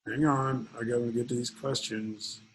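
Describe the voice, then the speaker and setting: Male webinar host, husky voice, rambling jokey delivery full of fillers. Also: medium pitch, little pitch movement, moderate pace, poor audio. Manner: rambling, joking, many fillers. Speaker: webinar host and investment speaker. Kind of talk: casual webinar talk with jokes.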